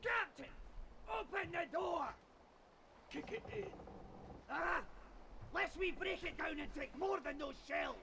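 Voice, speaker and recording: A furious Scottish sailor shouts his orders in a very high, gravelly voice. The game audio is loud with noise. He sounds ready to smash the door in. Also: takes it slowly, long pauses, heavily acted. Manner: shouting commands. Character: furious male sailor storming a locked door.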